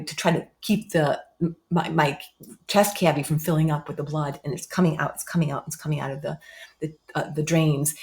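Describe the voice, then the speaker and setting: Woman in her 50s, kinda low voice, guest on a show telling her story, lots of repeating and acting out what people said. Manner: animated, acts out others' lines in raised voice; repeats phrases for emphasis. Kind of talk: emotional personal storytelling.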